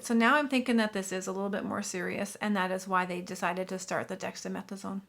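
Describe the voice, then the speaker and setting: A woman's voice: medium pitch, fairly quick, hardly any pauses, fairly bright tone. A woman who is a nurse and has a Southern US accent, explaining a clinical topic in a chatty commentary video. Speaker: nurse reacting to news clips.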